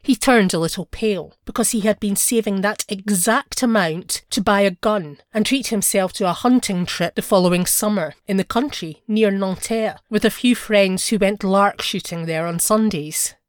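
A woman narrates a short story in a measured, expressive storytelling voice. Her pitch sits in the middle range, and the sound is dry and close, with no echo around it.

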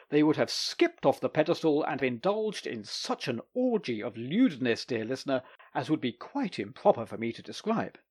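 A man narrating short stories for an audiobook with expressive, lively delivery. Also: medium pitch, husky.

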